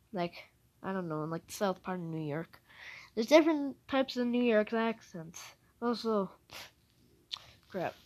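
A woman's voice: medium pitch, darkish tone. A young woman hosting a casual solo podcast, rambling and hesitant, often trailing off mid-thought. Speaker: podcast host.

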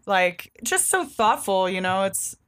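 A woman co-hosting a casual chat about comics. She talks in an animated way, with many fillers, and acts out lines of dialogue in quick put-on voices. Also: mid-range voice, dry recording. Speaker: podcast co-host.

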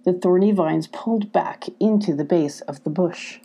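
Woman, children's storybook narration, calm, gentle, husky, breathy. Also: fairly low pitch, normal speed. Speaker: storybook reader.

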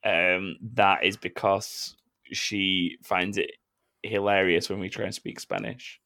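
A man's voice: deep voice, steady tone, slow pace, creaky, bright, forceful tone. A man hosting a casual podcast, chatty and self-mocking, laughing often. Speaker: podcast host. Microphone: remote recording software.

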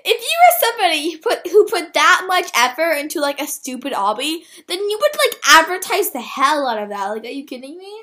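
Young woman, high bright voice, giggly gamer co-host, phone mic. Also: fairly quick, hardly any pauses. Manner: giggly, animated, playful. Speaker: podcast co-host. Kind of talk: casual gaming chat.

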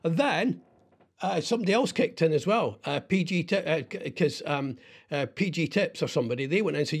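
A middle-aged man hosting a radio show, rambling in casual chat with lots of halting restarts and self-deprecating asides. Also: fairly high pitch, animated, husky. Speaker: radio host.

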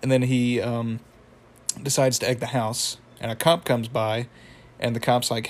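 A young man recaps a cartoon episode in a casual, rambling way, full of fillers and chuckling at the story. His voice is medium-pitched with little pitch movement, and his pace is measured.

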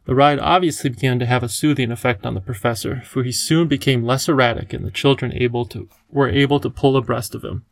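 A man reading an audiobook chapter as narrator, in steady, measured storytelling. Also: mid-range voice, creaky, no room sound, poor audio. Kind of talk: scripted narration.

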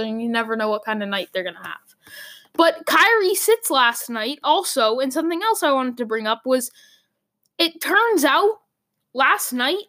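Young Boston woman, sports talk host, high bright voice, rambling and emphatic. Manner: rambling, emphatic, lots of "like" fillers. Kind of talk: opinionated sports commentary monologue.

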